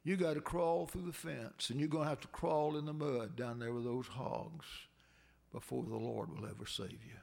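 A preacher voicing gentle old Mose. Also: male voice, mid-range voice, level tone, moderate pace, gravelly, voice pushed down. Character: old enslaved man, gentle and devout. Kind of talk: sermon storytelling.

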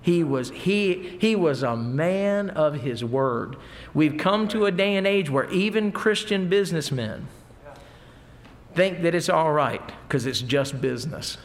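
A man's voice: on the high side, animated, measured pace. A middle-aged man preaching a folksy sermon, mixing scripture with stories. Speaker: pastor.

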